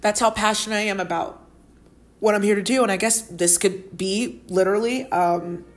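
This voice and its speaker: A woman's voice: mid-range voice, fairly even intonation, normal speed. A woman talks alone on her podcast, earnest and heartfelt. Her speech rambles and is full of fillers. She is close to tears while also laughing. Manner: emotional, tearful and laughing at once. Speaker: podcast host. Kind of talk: solo podcast monologue.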